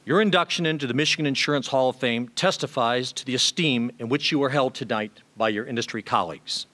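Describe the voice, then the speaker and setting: A man's voice: mid-range voice, bright, forceful tone. Man reading a formal tribute. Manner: measured, formal, reads prepared remarks with small hesitations. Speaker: tribute speaker. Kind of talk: formal prepared tribute speech.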